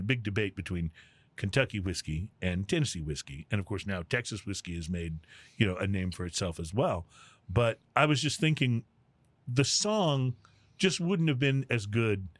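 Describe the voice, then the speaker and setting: A man hosts a relaxed drinks podcast, talking in a loose, rambling way full of fillers and restarts. His voice sits at a middling pitch and sounds close and dry, with no room echo. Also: normal speed. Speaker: podcast host. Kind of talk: casual chat.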